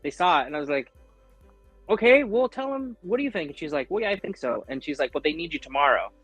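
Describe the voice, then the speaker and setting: Male actor guest, animated storyteller, dry close mic, faint music bed. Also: on the high side, quick pace, husky, no echo, lo-fi sound. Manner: animated, acts out quoted voices, frequent fillers. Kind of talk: casual interview storytelling.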